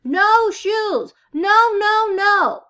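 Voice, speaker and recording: A woman's voice: extremely slow, pushed and bright, highs cut off, heavily acted. A woman reading aloud, voicing a little boy throwing a tantrum who hollers and refuses. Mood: screaming. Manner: shrill, hollering. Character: screaming toddler boy in a tantrum.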